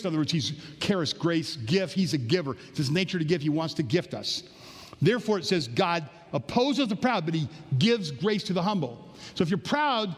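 A man's voice: a little high, long reverb tail. A man preaching a sermon as pastor, telling stories with acted-out quotes and joking with his congregation. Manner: animated storytelling, acting out voices in quotes. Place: church sanctuary.

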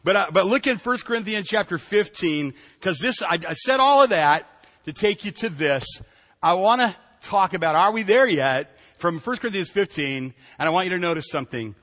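Animated male pastor with a high voice. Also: moderate pace, big-room sound. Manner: animated, conversational preaching with jokes and acted-out quotes. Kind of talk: sermon.

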